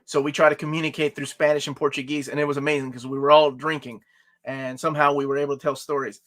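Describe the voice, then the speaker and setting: A man's voice: on the high side, little pitch movement, fast, a bit bright. A man hosting a casual live-stream chat, joking and playful as he talks. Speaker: host.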